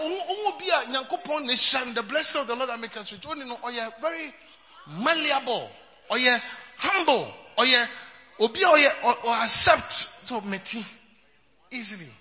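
A man preaching a sermon as a pastor, mixing English and Twi and swinging from soft asides to shouts. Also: extremely high pitch. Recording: dull sound in a reverberant hall.

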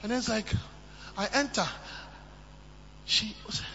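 A man preaching a sermon, moving from soft asides to shouted emphasis. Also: high-pitched, measured pace, creaky. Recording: muffled, with long hall reverb and faint hum.

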